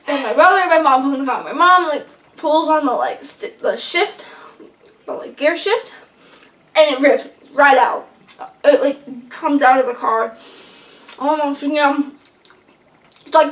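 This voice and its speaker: A young woman vlogger telling a long story in casual chat, rambling and excitable with lots of fillers. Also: high voice, normal speed. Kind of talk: casual storytelling while eating. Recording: echoey room, mic at a distance.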